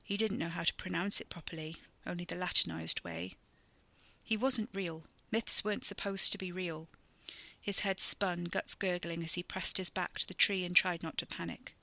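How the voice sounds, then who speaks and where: Very bright, gravelly story narrator. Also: medium pitch, moderate pace, dry recording. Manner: vivid, steady storytelling. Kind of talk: scripted narration.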